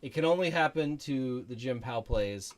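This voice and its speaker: This is a man in middle age, chatting on a livestream from his home. His pitch sits in a plain middle range. He rambles through an awkward story about himself and acts out each line of dialogue. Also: animated, moderate pace. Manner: rambling, self-deprecating storytelling with acted-out quotes; drops to a soft murmur when talking to a child. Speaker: livestream gaming host. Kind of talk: casual chat to stream viewers. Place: home room.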